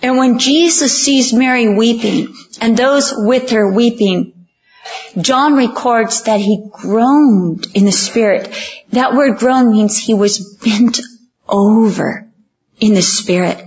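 Woman preacher, higher voice, slow and emphatic sermon delivery, dull lo-fi recording. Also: a little mellow. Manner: earnest, emphatic, slows down on key lines, acts out quoted voices.

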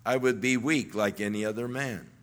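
A man's voice: medium pitch, normal speed, voice pushed down, natural voice. A man voicing a strong, boastful male hero, speaking in a casual, offhand way during sermon storytelling.

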